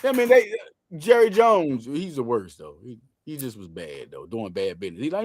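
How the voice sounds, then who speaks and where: A man hosts a sports talk show in loose, casual slang, stumbling and restarting as he goes. His fairly high voice swings widely in pitch, and the recording is dry and close. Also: huge pitch swings, normal speed, no room sound.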